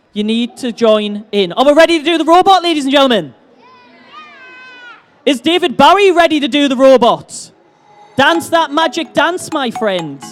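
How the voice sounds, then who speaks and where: A man with a very high voice hosts a convention stage, shouting playful banter at the audience. He works a handheld mic in a big roomy hall, with faint music underneath. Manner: loud and playful, hyping the crowd. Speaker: stage host at a fan convention. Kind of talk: lively stage hosting with crowd banter.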